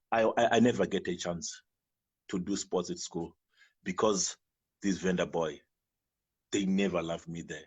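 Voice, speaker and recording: A man's voice: mid-range voice, husky. A man from Zimbabwe, a native Venda speaker with a Zimbabwean English accent, telling an emotional personal story in an earnest way, often restarting his sentences. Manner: earnest, repetitive, with many restarts. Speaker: guest.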